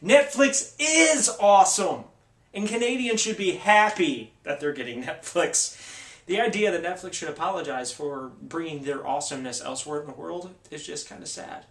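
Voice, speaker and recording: A man's voice: a little high, expressive, brisk, a bit bright, echoey room, distant mic. A man hosting a tech video, ranting casually with sarcasm and exasperation.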